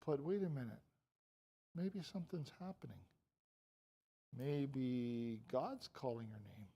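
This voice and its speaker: An older man playing an old male priest in a children's Bible story, speaking softly and gently. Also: medium pitch, takes it slowly, slightly rough. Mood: gentle.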